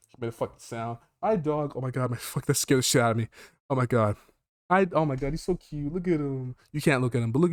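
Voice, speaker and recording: A man's voice: medium pitch, no room sound, studio quality. A man streaming a game from home, reading its text aloud and rambling in jokey, profane asides, easily startled. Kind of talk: casual let's play commentary, reading game text aloud. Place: at home with his dog.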